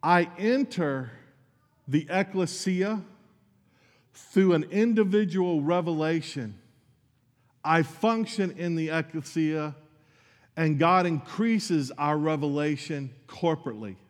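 A man's voice: fairly high pitch, takes it slowly, big-room sound. A man preaching a sermon as pastor, earnest and conversational, with asides to his congregation.

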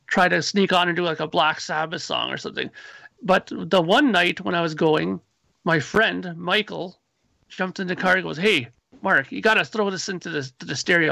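Creaky high-voiced man telling stories. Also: no echo. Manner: animated storyteller, acts out his own past lines. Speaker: musician guest. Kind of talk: casual chat.

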